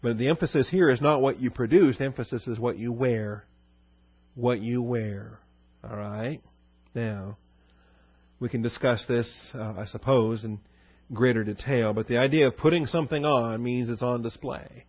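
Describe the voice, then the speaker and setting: A man's voice: medium pitch, normal speed, breathy edge, no room sound, muffled recording. A male pastor giving a conversational verse-by-verse sermon, asking his listeners questions and answering them himself, with many fillers.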